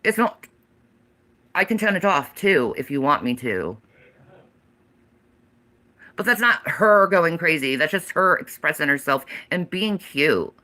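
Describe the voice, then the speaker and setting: A woman's voice: sits low, very animated, a little slow, pauses often, bright, forceful tone. A woman in her forties, ranting on a livestream, swearing heavily in a defiant, emphatic way. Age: 40s. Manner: heavy profanity, defiant and emphatic.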